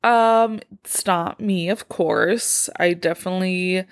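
A woman's voice: on the low side, slow pace. A young woman hosting a casual solo podcast, rambling with many fillers, self-deprecating, tired and a bit out of breath. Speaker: podcast host.

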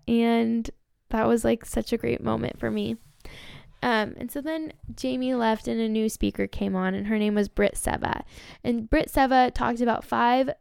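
A woman's voice: fairly high pitch, creaky, clear, resonant tone, dry recording, clean studio sound. A young woman hosting a podcast, telling a story in an emotional, gushing way with lots of fillers. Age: young adult. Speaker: podcast host. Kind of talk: casual storytelling monologue.

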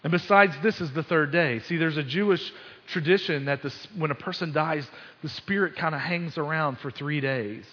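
A man's voice: on the high side, normal speed, few pauses, a bit bright. A male pastor giving a conversational sermon, telling the story with sports asides and frequent restarts. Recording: dull sound with long hall reverb.

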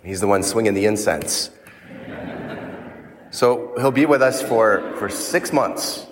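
A man's voice: on the low side, takes it slowly, slight background noise. A male priest giving a conversational sermon, with frequent restarts. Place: church. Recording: church with long reverb.

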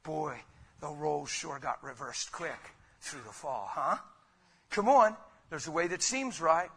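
A man preaching a sermon in a conversational, rhetorical way, with sudden loud bursts. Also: a little high, animated, unhurried, vocal fry, husky. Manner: conversational, calls listeners "man" and "guys". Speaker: pastor.

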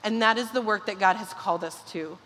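A woman's voice: mid-range voice, fairly bright tone. A woman pastor preaching a sermon and leading a prayer, earnest and fervent. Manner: earnest, fervent, with quick bursts. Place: large church hall. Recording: long reverb of a church hall.

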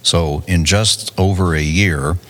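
Deep-voiced male executive, self-assured podcast guest who restarts his phrases. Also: steady tone, slow, a bit bright. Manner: confident, fluent, many restarts and repeated words. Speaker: tech company CEO, guest. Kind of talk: conversational podcast interview. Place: conference venue.

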